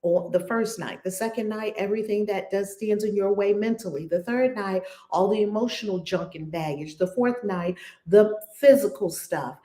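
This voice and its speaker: A woman with a New York accent, a reverend giving a livestreamed spiritual talk from her home, full of repeated affirmations, and leading a slow, chant-like guided prayer. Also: mid-range voice, mellow.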